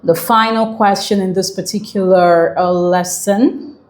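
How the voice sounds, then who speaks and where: A woman teaches an English exam prep lesson in a steady, medium-pitched voice, speaking a little slowly in a reverberant space. Full of enthusiasm, she repeats key phrases and puts questions to the viewer.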